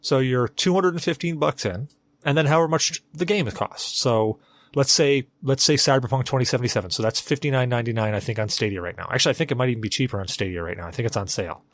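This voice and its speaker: A man's voice: mid-range voice, fast talker, no echo. A man co-hosting a casual gaming podcast, arguing his point step by step. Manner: argumentative, explaining step by step. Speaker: podcast co-host. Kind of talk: casual chat.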